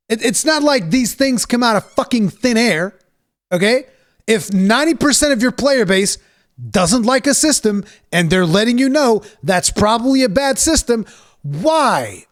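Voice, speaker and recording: A man giving a ranting reaction commentary, sarcastic, exasperated and full of profanity. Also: high voice. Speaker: reaction streamer.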